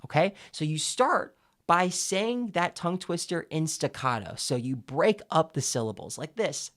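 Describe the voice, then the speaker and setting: Unhurried and animated, with a voice on the high side and a fairly bright tone, a man explains public speaking exercises in an instructional video, demonstrating them with clear, emphatic enunciation.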